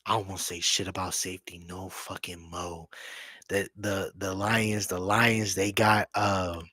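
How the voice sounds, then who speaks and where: A man with a low voice talks football on a live stream, loose, slangy and full of curses. He repeats lines and gets worked up about picks. The sound is close and dry, with no room echo. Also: a little slow. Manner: profane, excitable, slangy, repeats himself; drops into a hushed whisper to save his voice. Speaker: fan streamer hosting a draft watch party. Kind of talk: excited live-stream sports chat.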